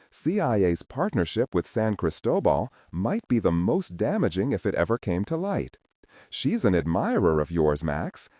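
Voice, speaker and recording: A man playing a senior CIA officer who confides with dry humor. The voice is deep and mellow, and the sound is dry and close. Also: no room sound.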